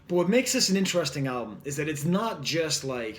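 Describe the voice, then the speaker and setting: Man, fairly high voice, casual record review, rambling, wry, lots of fillers. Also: sing-song, brisk.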